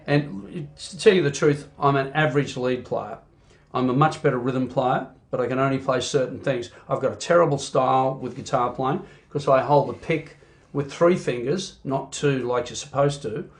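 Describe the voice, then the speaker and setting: A middle-aged Australian man, a rock singer, chatting in an interview as an animated storyteller who fills his talk with "you know". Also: medium pitch. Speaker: singer and band frontman. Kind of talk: casual interview chat.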